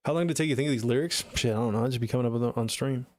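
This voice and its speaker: A man's voice: mid-range voice, rapid-fire, darkish tone, no echo. A man streaming live as a music producer, chatting casually and answering his viewers' messages by name. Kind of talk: casual livestream chat.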